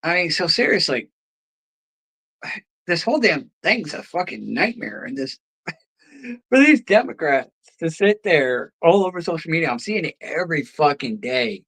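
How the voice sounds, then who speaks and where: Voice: medium pitch, very animated, normal speed, long pauses, a bit bright, slightly rough, rough recording. A host ranting about politics, heated and profane, firing off sarcastic rhetorical questions.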